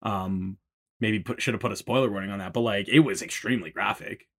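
Fast-talking husky man podcast co-host. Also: fairly low pitch. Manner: animated, acts out other people's lines. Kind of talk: casual chat.

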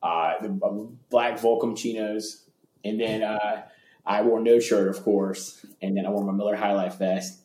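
A man telling road stories as an interview guest in a loose, excitable way, full of fillers and restarts. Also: lowish voice, roomy sound. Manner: animated, fast, lots of fillers and restarts, acts out voices. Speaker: interview guest, former tour hypeman. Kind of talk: casual storytelling.

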